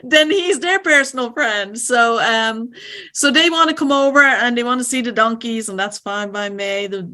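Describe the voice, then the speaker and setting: A woman's voice: fairly high pitch, normal speed, pushed and bright. A woman with an Irish accent, chatting casually and playfully as a guest in an interview. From Ireland. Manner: chatty, laughs easily, playful. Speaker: guest realtor.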